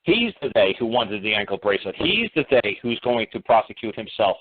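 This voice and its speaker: A man's voice: lowish voice, sing-song, brisk, a little hiss or hum. A man lecturing on a call-in radio show, combative and blunt, hammering listeners with repeated rhetorical questions and swearing. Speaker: radio talk show host. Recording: tinny phone-line radio audio.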